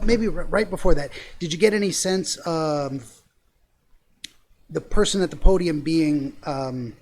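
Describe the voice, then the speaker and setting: A man hosting a podcast, his voice sitting a touch higher than most men's. He asks probing follow-up questions and often restarts or stumbles over his words. A faint ambient hum sits under his voice. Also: a little mellow. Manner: probing, with frequent restarts and stammers. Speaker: podcast host interviewing a dreamer. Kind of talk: casual interview.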